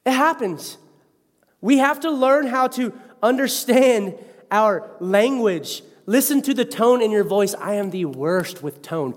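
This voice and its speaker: Pastor guy in his 30s preaching, high voice, chatty and animated, long church hall echo. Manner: animated, conversational, self-mocking, with quick asides. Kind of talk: sermon.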